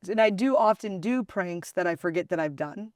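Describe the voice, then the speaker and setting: Raspy-voiced woman hosting a podcast. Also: on the low side, animated, moderate pace, a little mellow, dry recording, studio quality. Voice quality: raspy, slightly gravelly voice. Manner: chatty, laughs often, tells stories. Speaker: podcast host. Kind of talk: casual podcast chat.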